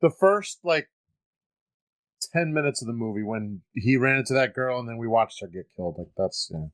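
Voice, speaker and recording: A man co-hosting a casual podcast, talking in halting, rambling sentences. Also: medium pitch, lively intonation, a bit bright, dry recording. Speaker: podcast co-host. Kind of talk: casual horror movie chat.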